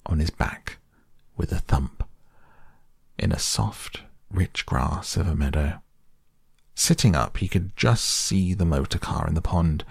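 A man narrating a storybook softly and slowly as a bedtime audiobook, close to the mic. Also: low voice, gravelly, breathy edge, no echo. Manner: slow, soft, soothing delivery. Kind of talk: soft bedtime audiobook reading.

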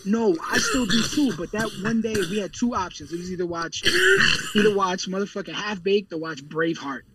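A man's voice: sits high, very animated, brisk, vocal fry, far from the mic, a crowd in the background, poor audio. A man co-hosting a podcast, talking casually, rambling, laughing and swearing freely. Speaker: podcast co-host. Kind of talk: casual chat.

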